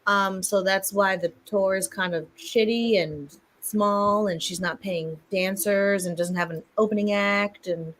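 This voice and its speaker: A woman's voice: mid-range voice, fairly even intonation, a little slow, few pauses. A woman co-hosting a podcast in casual chat, explaining things with fillers and self-corrections. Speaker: podcast co-host.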